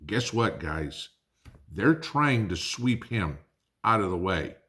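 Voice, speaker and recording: A man's voice: on the low side, very animated, slow, sharp tone. A man hosting a prepping channel, delivering an angry, blunt political rant to his viewers, swearing and calling them guys.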